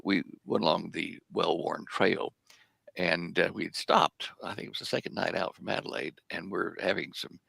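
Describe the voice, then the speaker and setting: Older man with a gravelly low voice. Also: bright, forceful tone, no echo. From United States. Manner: rambling anecdotes full of hesitations. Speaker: guest. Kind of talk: casual storytelling in an interview.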